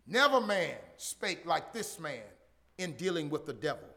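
A man preaching a sermon to a congregation, asking rhetorical questions and building up to shouts. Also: a little high, very animated, measured pace, creaky. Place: church.

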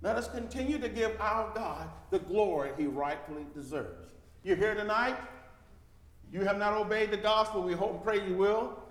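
A man preaching a sermon to a congregation, swinging between loud emphatic lines and hushed ones. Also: high voice, lively intonation, normal speed. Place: church hall with congregation. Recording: echoey hall reverb.

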